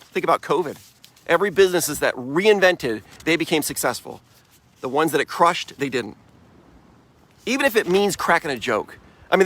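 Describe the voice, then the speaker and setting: A man's voice: a little high, bright, forceful tone. A middle-aged man giving a motivational talk, upbeat and emphatic, often laughing as he speaks.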